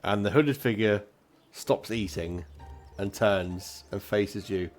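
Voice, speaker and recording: A man's voice: fairly low pitch, slow pace, soft background music. A man narrating a tabletop game as dungeon master, casual and rambling.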